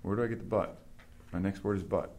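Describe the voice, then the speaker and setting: A man's voice: on the low side, steady tone, fast talker, creaky, darkish tone, slight background noise. A man teaching Greek grammar to a small group, asking questions and explaining step by step. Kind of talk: classroom instruction.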